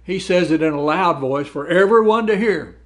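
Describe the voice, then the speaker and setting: A man's voice: fairly high pitch, animated, normal speed. A man teaching a Bible study lesson, reading verses aloud and explaining them in a conversational way, often repeating words as he goes. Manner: reads verses aloud then comments.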